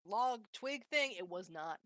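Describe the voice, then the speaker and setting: A woman's voice: mid-range voice, expressive, unhurried, dry recording, studio quality. A woman playing in a tabletop game, joking and bantering with the table. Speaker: player. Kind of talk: casual tabletop chat.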